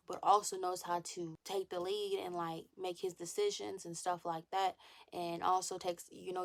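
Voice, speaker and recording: Young woman faith vlogger, kinda gravelly, animated and confessional, keeps repeating herself, sometimes whispers. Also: fairly low pitch. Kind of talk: candid casual chat to camera.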